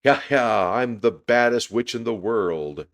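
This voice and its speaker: A man voicing a rowdy kindergarten girl in a witch mask, shouting gleefully in a storybook reading. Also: on the low side, lively intonation, slow.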